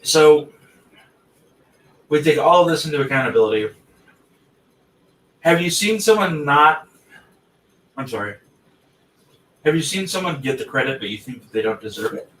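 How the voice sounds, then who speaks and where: A man's voice: fairly high pitch, expressive, normal speed, pauses often, a bit bright. Blunt, swearing man in a roomy mic. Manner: blunt, swears freely, self-interrupting. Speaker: podcast host. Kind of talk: casual chat. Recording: roomy, distant mic with faint ambience.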